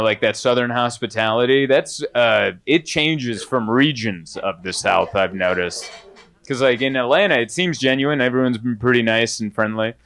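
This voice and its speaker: Animated stand-up comedian, audience laughter. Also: male voice, a little hiss or hum. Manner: animated, mimics other voices in high bursts. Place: comedy club stage.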